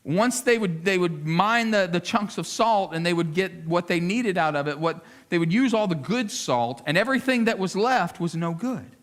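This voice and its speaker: A man delivering a sermon from the pulpit, his voice sitting a little high for a man. He swings from loud, emphatic lines down to quiet, searching appeals, and repeats words as he works out his point. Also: lively intonation, moderate pace, hardly any pauses. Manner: preaching with big swings between loud emphasis and hushed appeals; repeats words while gathering his thoughts. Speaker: lead pastor.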